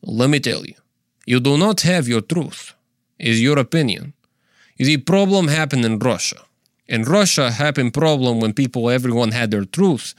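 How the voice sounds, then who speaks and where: A man's voice: medium pitch, no echo, clean studio sound, close to an everyday voice. A man putting on a blunt Russian lecturer. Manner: broken English, heavy put-on Russian accent.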